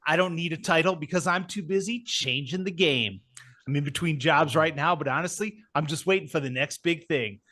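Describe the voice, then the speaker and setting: A man's voice: on the high side, fairly quick, pushed and bright, no room sound. A man playing a smug, boastful self-styled thought leader in an improv comedy bit.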